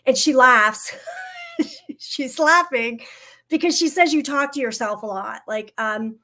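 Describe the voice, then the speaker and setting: A woman's voice: high-pitched, sharp tone. Hesitant woman giving a livestream reading. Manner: hesitant, halting, many fillers and restarts. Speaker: psychic medium.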